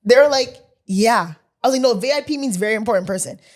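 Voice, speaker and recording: A young woman co-hosting a podcast, telling a story in animated, slangy casual chat and acting out the dialogue. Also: on the high side, rapid-fire. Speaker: podcast co-host.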